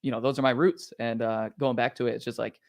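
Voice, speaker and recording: A man who is a guest on a casual live stream, speaking in short relaxed remarks. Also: medium pitch, fast, no room sound, studio quality. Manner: short reactions and interjections.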